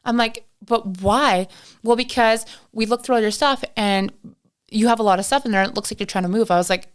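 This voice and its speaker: A woman's voice: a little high, fairly even intonation, fast, smooth. A young woman from Canada telling a long story in casual chat, acting out both sides with lots of "like". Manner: chatty, acts out both sides of a story with filler "like". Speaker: podcast guest.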